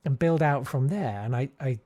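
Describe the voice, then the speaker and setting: A man's voice: mid-range voice, moderate pace, dark tone. A middle-aged man from Southeast London with a friendly, posh-sounding voice, chatting as a comedian guest and telling stories with self-deprecating humour. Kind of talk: casual interview chat.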